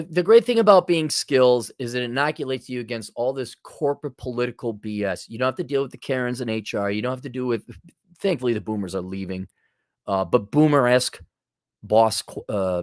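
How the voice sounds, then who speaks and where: A man's voice: mid-range voice, normal speed, dry recording, studio quality. Blunt sarcastic male podcast host. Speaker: podcast host giving advice. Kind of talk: casual advice monologue.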